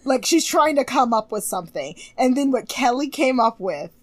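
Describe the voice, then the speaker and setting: A young woman co-hosting a podcast, chatting casually and animatedly about a TV show, gossipy and quick to laugh, sounding a bit tired. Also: on the high side, lively intonation, a crowd in the background. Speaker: podcast co-host recapping a TV show. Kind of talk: casual chat.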